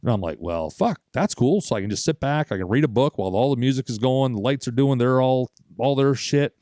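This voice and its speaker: A man's voice: mid-range voice, fast talker, warm tone, no room sound, clean studio sound. A young man co-hosting a podcast, telling a long story in a casual, profane way and acting out other people's lines. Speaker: podcast co-host.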